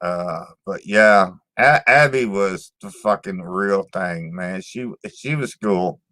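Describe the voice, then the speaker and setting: Slow-talking blunt, profane man. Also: sits low, bright, forceful tone, no echo, studio quality. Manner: blunt, profane, repeats words and says "man" a lot. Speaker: channel host reading live chat. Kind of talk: casual live-stream chat.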